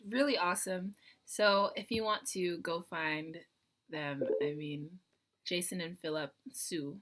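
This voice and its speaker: A young woman vlogging casually, telling a backstage story in an excitable, giggly way with lots of fillers. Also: mid-range voice.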